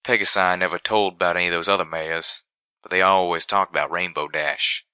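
A man voicing a young male pegasus pony who talks in a folksy, drawn-out country way in a storybook reading. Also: sits low, fairly even intonation, pushed and bright, clean tone, dry recording.

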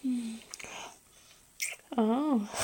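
A woman with a Scouse accent in a playful, intimate whispered role-play, murmuring and laughing softly. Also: a little high, extremely slow, slight background noise. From England. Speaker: audio role-play performer.

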